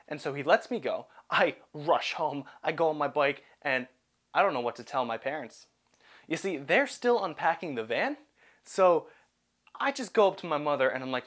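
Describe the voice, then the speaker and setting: A young man narrating a personal story in an animated, self-deprecating way. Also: a little high, normal speed.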